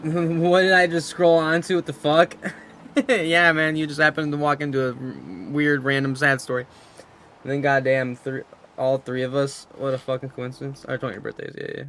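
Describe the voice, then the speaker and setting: Bright-voiced, swearing streamer guy. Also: medium pitch, steady tone, moderate pace, a little hiss or hum. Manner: swears freely, rambling storytelling, reads chat aloud. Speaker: game streamer. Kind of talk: casual live-stream chat.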